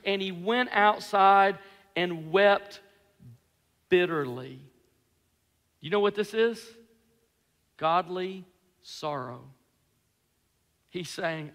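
A man preaching with a very high, bright voice, telling the story in an animated way with wry self-deprecating humor. The sermon rings out in a large, reverberant church hall. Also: very slow, long pauses.

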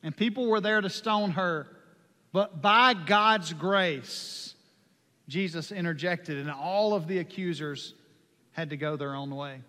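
Preacher guy, fired up, bright sharp voice, big hall echo. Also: a little high, slow pace. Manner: impassioned, swings from hushed to loud. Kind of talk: sermon. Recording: long hall reverb.

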